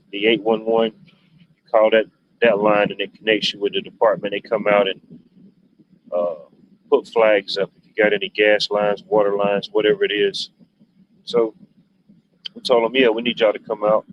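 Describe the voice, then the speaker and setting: A man hosting a livestream, rambling through stories in a laid-back, casual way with loose, drawling turns of phrase. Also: lowish voice. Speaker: livestream host. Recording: dull lo-fi stream audio, faint noise.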